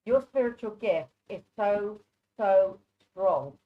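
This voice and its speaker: A woman's voice: medium pitch, slow pace. Chatty psychic reader, woman, affectionate, dull online call audio. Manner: affectionate, chatty, calls people darling. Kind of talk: live online readings.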